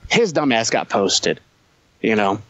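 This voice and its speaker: A man who is a Marine veteran and podcast guest, telling profane, animated war stories in casual conversation, laughing often. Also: lowish voice, slow pace, no echo, muffled recording. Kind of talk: casual storytelling.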